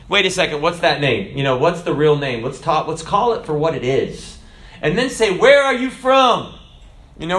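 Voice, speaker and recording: A man preaching a sermon in an animated way, often changing his pitch and loudness and putting on voices. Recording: roomy echo.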